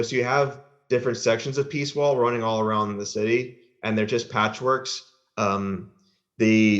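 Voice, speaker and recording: A man with an American accent, a guest on a podcast, talking casually and hesitantly, with lots of fillers and restarts. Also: mid-range voice. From American South. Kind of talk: casual chat. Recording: dull lo-fi sound.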